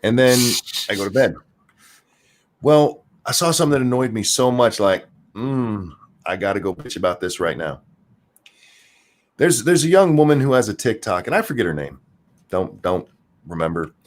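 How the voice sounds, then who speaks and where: A man with a Southern US accent who co-hosts a podcast, ranting in casual chat, profane and quick to restart his sentences. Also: fairly low pitch. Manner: animated, profane, repeats words when starting sentences. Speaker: podcast co-host.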